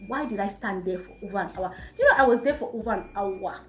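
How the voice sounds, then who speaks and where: A young woman with a Nigerian accent, telling a storytime vlog in an animated, exasperated way. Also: mid-range voice, quick pace. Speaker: vlogger. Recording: echoey room, faint music.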